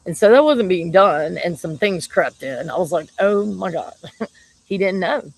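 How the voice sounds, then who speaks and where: A woman's voice: lowish voice, animated, a little slow, creaky, poor audio. A woman talking casually about her partner, chatty and laughing often. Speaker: shaman. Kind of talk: casual monologue to camera.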